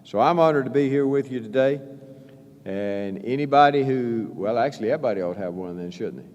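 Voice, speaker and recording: A man giving a halting speech as governor at a press event, full of fillers and restarts. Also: mid-range voice, a little mellow, dull audio. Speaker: state governor. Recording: long reverb in a large hall.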